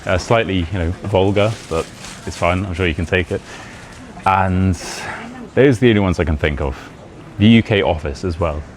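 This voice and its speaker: A British man talking casually to camera in a chatty, rambling way, laughing often as he teaches about his country. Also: sits low. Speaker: British English teacher and YouTuber. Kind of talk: casual vlog talk. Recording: outdoor street noise behind.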